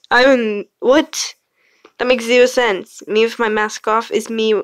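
A woman's voice: a little high, fairly even intonation, slow, no echo. A woman hosting a casual screen-recorded vlog, exasperated, swearing and laughing, recorded on a phone. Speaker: channel host reacting to fan art. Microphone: phone screen recorder mic.

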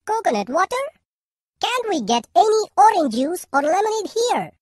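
A very high, squeaky voice for a spoiled cartoon town mouse, lively and drawn out, dry and close. He grumbles and whines about everything, as a woman acts him out. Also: moderate pace, no room sound. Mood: complaining. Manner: whiny, complaining. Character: fussy spoiled male town mouse, complaining. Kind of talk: animated cartoon voice acting.

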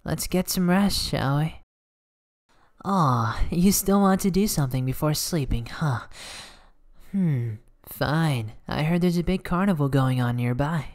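A voice actor playing a cocky, teasing teenage boy volleyball setter in a soft, whispered role-play. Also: mid-range voice, lively intonation, measured pace. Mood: playful. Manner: playful, teasing, soft-spoken. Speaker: ASMR voice actor.

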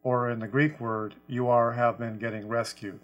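A man teaching a scripture lesson about a translation, speaking deliberately and stressing quoted words. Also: mid-range voice, level tone, muffled recording. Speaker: Bible teacher.

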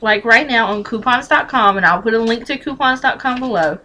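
Brassy woman vlogger, bright forceful voice, blunt and chatty, swears casually, repeats key points. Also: on the high side, fairly quick, a little hiss or hum, rough recording. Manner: emphatic repetition, talks straight to viewer. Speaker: vlogger teaching couponing. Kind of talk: casual how-to vlog.

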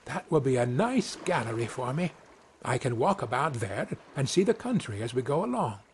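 Man doing a tiny clever boy, high chirpy voice, lively, light background hiss. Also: moderate pace. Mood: cheerful.

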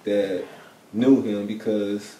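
A man's voice: on the low side, steady tone, slow pace, mellow. A young man speaking casually and earnestly as an interviewer, with many fillers like "like" and "you know what I'm saying.". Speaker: interviewer, son of a late drummer. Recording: roomy sound from a distant mic.

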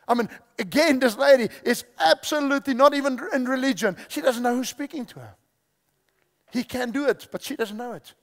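A man's voice: very high voice, expressive, fairly quick. A male preacher giving a sermon, repeating key phrases and quizzing the audience, in a large church hall. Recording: long hall reverb.

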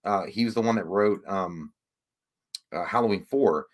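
A man's voice: low voice, normal speed. A man hosting a casual livestream, rambling and swearing, easily frustrated. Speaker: livestream host.

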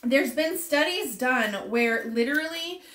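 A woman's voice: high-pitched, expressive, unhurried, fairly bright tone. A woman chatting casually on a live stream from her office, emotional and close to tears, laughing as she talks. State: tearful, fighting back crying. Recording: echoey room.

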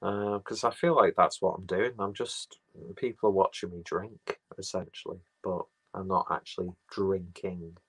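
A man's voice: deep voice, steady tone, normal speed, fairly bright tone, breathy edge. A man chatting casually and rambling on a livestream, swearing and mocking himself as he goes. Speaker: livestream host. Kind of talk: casual chat, reading viewer comments.

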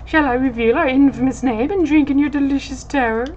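A woman's voice: high voice, brisk, a little mellow, highs cut off, voice pushed up. A woman voicing a pompous, foppish male pirate captain in a video game playthrough, gloating in flowery villain speech.

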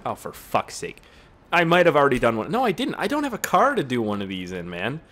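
Young male gaming YouTuber: animated delivery, crude and sweary humor, rambling asides. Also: mid-range voice, brisk. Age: 20s. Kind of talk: gameplay commentary.

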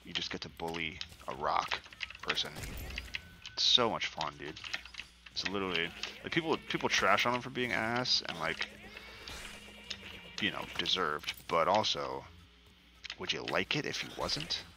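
A man giving casual, profane, excitable commentary while playing a video game. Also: sits low, unhurried, pauses often, noisy background. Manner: profane, excitable trash talk. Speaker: gaming commentator.

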